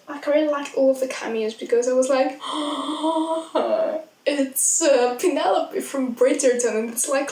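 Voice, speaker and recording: Young woman gushing about a movie, kinda high voice, sounds far from the mic in an echoey spot. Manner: gushing, rambling excitement. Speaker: vlogger. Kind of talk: casual film review vlog.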